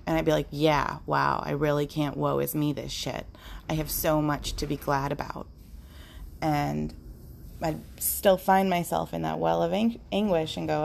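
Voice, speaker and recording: Low, gravelly woman musing slowly. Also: little pitch movement, a little mellow, a little hiss or hum. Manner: earnest, musing, slips into playful quoted voices. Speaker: podcast host. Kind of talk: unscripted reflective monologue.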